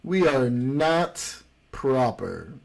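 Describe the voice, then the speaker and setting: A man's voice: medium pitch, sing-song, gravelly, darkish tone. A man with an Argentine accent from Buenos Aires, hosting a livestream and chatting in casual, joking banter. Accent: Argentine Spanish (Buenos Aires). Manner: slow, joking, mock-indignant banter. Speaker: livestream host. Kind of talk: casual chat with a co-host.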